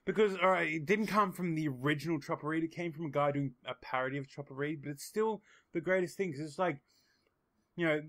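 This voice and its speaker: An Australian man tells stories in casual podcast chat, crude and swearing freely. His voice sits slightly high and sounds bright and forceful, with lively, animated telling. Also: brisk. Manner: crude, profane, animated storyteller. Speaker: podcast guest.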